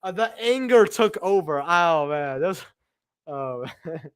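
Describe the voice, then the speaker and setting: A man's voice: on the high side, expressive, measured pace, clear, resonant tone, no room sound, studio quality. A young man hosting a live stream, chatting casually in a rambling way, with slang and swearing. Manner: slangy, swearing, rambling storyteller who says "bro". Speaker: livestream host.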